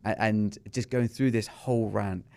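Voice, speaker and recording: A middle-aged Englishman from England, appearing as a podcast guest who runs a small business, recounts his story candidly in an interview. His voice sits on the low side, with a steady tone, normal speed, creakiness, and a darkish colour. He comes across as earnest and openly confessional, acting out dialogue he remembers.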